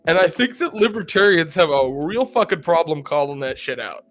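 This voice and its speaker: A man co-hosting a casual podcast, talking in a profane, emphatic and animated way. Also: fairly high pitch, normal speed. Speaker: podcast co-host. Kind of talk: casual crude banter.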